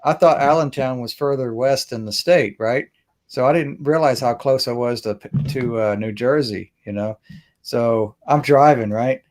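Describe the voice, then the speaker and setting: A man's voice: mid-range voice, measured pace, darkish tone. A man from Mississippi, hosting a casual video call and telling a rambling, self-interrupting story with laughs. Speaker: host. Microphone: webcam or phone on video call.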